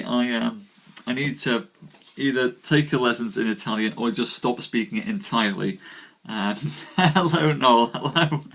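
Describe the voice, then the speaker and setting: A man's voice: mid-range voice, fairly bright tone. A man hosting a live storytelling stream, chatting casually with viewers, a little tired, and greeting them by name with self-deprecating humor. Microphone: webcam or desk mic on a live stream.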